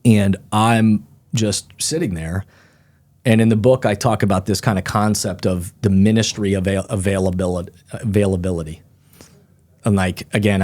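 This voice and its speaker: Man, middle-aged, low voice, animated storyteller, casual interview guest. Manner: animated storyteller, acts out quoted people. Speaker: author and guest.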